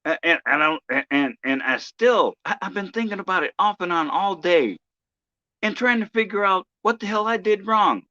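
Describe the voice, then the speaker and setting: A man vents on his own livestream in a casual, halting way, tripping over restarts and swearing freely. His voice sits a bit high and sounds bright and forceful. The mic is dry and a little dull. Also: lively intonation, no room sound. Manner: halting, many restarts and stammers, profane. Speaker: live streamer.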